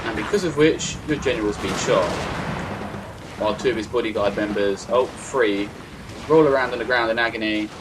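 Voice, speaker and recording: A young man giving casual gameplay commentary as host, chatty and excitable, acting out reactions on a home computer mic. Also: lowish voice, moderate pace, noisy background. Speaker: gaming video host. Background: game music.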